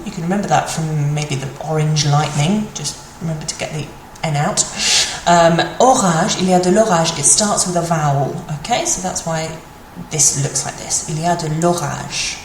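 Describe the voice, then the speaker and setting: A woman teaching a beginner French lesson, speaking clearly and patiently, repeating phrases slowly. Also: on the low side, roomy sound, slight background noise, poor audio.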